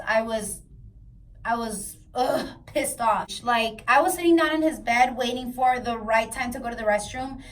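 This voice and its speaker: Chatty young woman, high voice. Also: recorded from a distance. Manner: chatty, animated, heavy use of "like". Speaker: vlogger telling a personal story. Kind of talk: casual storytime.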